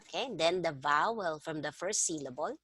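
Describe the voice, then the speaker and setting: A woman from the Philippines tutors a student one-on-one over a video call, patiently explaining each step and prompting her student. Her low, slightly rough voice has lively intonation and a fairly bright tone at normal speed. There is no echo.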